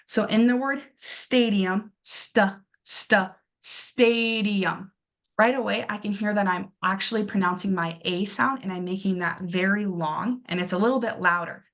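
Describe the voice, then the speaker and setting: A young woman teaching an English lesson, talking with fillers and encouragement and slowly drawing out words to model their pronunciation. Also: mid-range voice, a bit bright. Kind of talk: classroom lesson explaining pronunciation.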